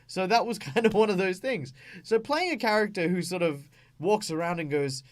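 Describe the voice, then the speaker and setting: Aussie guy, kinda high voice, chatty gaming host, lots of ums. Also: normal speed. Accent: Australian. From Australia. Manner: chatty, many fillers, explains with acted examples. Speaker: tabletop gaming channel host. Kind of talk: casual explanatory talk.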